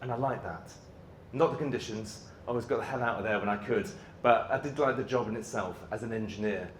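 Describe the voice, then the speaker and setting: A man's voice: lowish voice, fast, a little hiss or hum. A middle-aged man, giving a live conference talk and leading the audience in playful chants. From Yorkshire, England. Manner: energetic, playful crowd-warming with shouted chants. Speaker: motivational speaker.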